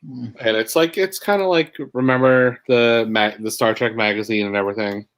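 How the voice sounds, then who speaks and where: A man's voice: medium pitch, moderate pace, fairly bright tone, rough recording. A man joking and chatting with enthusiasm in a casual group talk. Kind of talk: casual chat.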